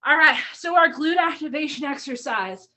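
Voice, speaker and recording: A woman fitness coach calls out moves and counts down reps in a high, bright voice, slightly out of breath. She sounds set back from the microphone, as if moving around the room while she demonstrates. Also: normal speed, distant mic, poor audio. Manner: upbeat cueing, counting down reps. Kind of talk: live online workout instruction.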